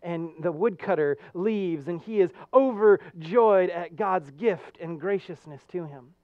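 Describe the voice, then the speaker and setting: A man's voice: high voice, measured pace, no room sound. American male pastor preaching, earnest storyteller, dry sound, a bit dull. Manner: earnest storytelling, with animated jokes. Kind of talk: sermon.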